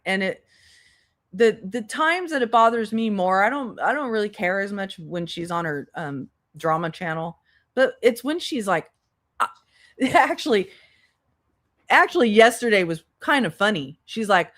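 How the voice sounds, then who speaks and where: A woman's voice: medium pitch, animated, a little slow, fairly bright tone. A woman hosting a commentary livestream, sarcastic and exasperated, swearing as she talks to her chat. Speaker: commentary channel host.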